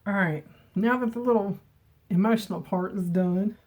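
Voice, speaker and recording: A middle-aged woman chatting casually on camera from her home, emotional and quick to laugh. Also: medium pitch, a little mellow. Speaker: beauty vlogger. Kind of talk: casual chat. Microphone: camera mic with ring light.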